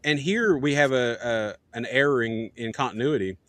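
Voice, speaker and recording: A man's voice: medium pitch, normal speed, fairly bright tone, no room sound. A man co-hosting a casual comic book talk show, jokey and laughing often. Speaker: podcast co-host.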